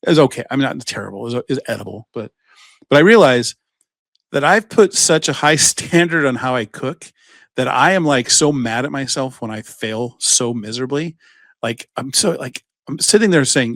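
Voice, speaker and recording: Male podcast co-host, mid-range pitch, dry close sound, loose and profane storyteller. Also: expressive, moderate pace, a bit bright, dry recording. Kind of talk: casual chat. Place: podcast studio.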